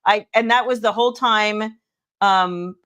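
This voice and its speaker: A woman's voice: medium pitch, a little slow, a bit bright. An American woman co-hosting a casual livestream, chatty, laughing often and reading viewer comments aloud. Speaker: livestream co-host.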